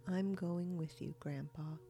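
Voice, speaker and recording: A woman reading the lines of a resentful young farm boy in a soft, sulky voice. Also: lowish voice, steady tone, unhurried.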